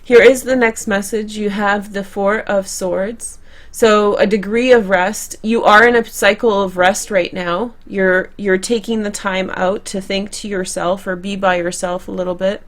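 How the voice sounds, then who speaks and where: A woman's voice: mid-range voice, fairly even intonation, measured pace. Chatty woman giving a tarot reading. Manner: chatty, conversational, with restarts and self-corrections. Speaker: tarot reader. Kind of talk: tarot card reading to camera.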